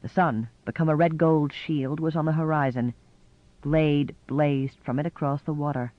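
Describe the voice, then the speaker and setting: A man reading a novel aloud in measured, scripted narration. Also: on the high side, fairly even intonation, no echo, dull audio. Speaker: audiobook narrator.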